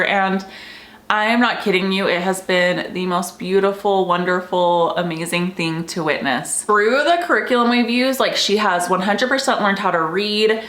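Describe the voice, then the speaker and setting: Reverberant audio captures a young homeschooling mom vlogging in a chatty, casual way, emotional and effusive, with "like" in nearly every phrase. She speaks at medium pitch and normal speed, her tone fairly bright.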